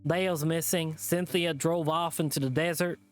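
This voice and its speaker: A man's voice: a little high, fairly even intonation, normal speed, pitched above the performer's own voice, lightly acted. Man voicing a drawling hillbilly animal thug. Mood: menacing. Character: gruff male hillbilly animal thug, menacing. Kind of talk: reading a visual novel aloud.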